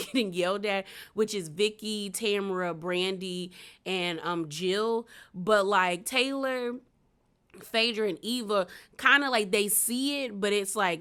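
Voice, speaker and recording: A woman's voice: medium pitch, expressive, moderate pace, fairly bright tone, clear, resonant tone. A young woman casually recapping a reality show, chatty and slangy, with lots of fillers. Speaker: recap vlogger.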